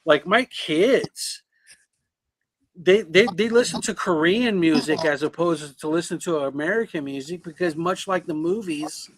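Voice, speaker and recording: A man's voice: on the high side, unhurried, no echo. A middle-aged man co-hosting a casual podcast, opinionated and often repeating words as he gets going. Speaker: podcast co-host. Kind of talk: casual chat.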